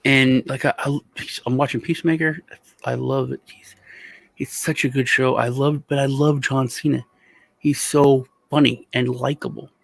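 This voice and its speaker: A male host telling stories in a rambling, animated way. His mid-pitched voice has a gravelly fry and is recorded close and dry, with no room sound. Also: normal speed, no echo. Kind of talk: casual chat.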